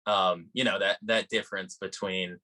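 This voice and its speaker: A man from Salem, Massachusetts, talks as an interview guest, thinking aloud with many ums and restarts. His voice sits low but has a bright, tense edge. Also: little pitch movement. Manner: halting, many "um"s and restarts, thoughtful. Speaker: actor and writer, interview guest. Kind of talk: casual interview chat.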